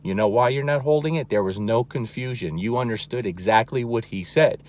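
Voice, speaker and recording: A dog trainer, male, explains things to camera plainly and emphatically, leaning on repeated key words and regular "okay?" check-ins. He speaks fairly quickly in a mid-range voice with a darkish tone.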